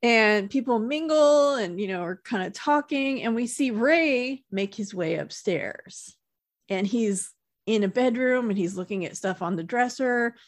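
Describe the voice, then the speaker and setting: A woman's voice: fairly high pitch, expressive, measured pace, no echo. A woman co-hosting a podcast, casually retelling a TV episode and often laughing. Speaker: podcast co-host recapping a TV episode. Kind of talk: casual chat.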